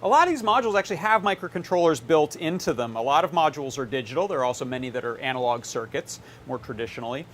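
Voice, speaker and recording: A man hosts a live electronics workshop, his voice sitting a touch on the high side. He explains as he works, relaxed and chatty, pausing on fillers. A faint background hum runs underneath. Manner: relaxed, explains while tinkering, frequent "uh". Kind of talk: casual live demo.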